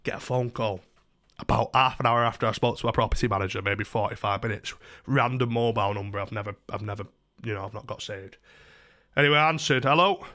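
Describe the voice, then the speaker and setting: A man's voice: fairly low pitch, quick pace, bright, forceful tone. A young man telling a story in a chatty, casual way, swearing freely. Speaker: vlogger.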